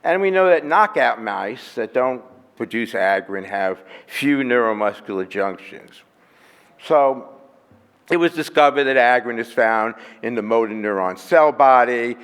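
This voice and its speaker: A man's voice: medium pitch, animated, unhurried, fairly bright tone, smooth. A man giving a methodical, explanatory lecture at a medical conference, walking through his slides step by step. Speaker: physician presenting at a medical conference. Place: hotel conference room. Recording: reverberant conference hall.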